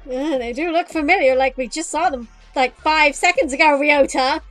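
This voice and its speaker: Brief: excitable, giggly woman, high voice, casual gameplay chat. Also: normal speed, over music. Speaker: let's player.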